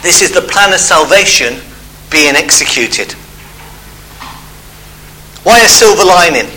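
A man's voice: on the high side, expressive, unhurried, bright, forceful tone, slight background noise, rough recording. A man preaching a sermon, telling a Bible story and acting out the characters' voices.

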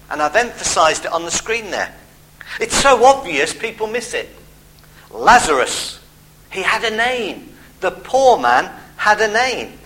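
A middle-aged man preaching a sermon, expressive, with emphatic pauses and personal asides. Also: high voice, poor audio. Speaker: pastor.

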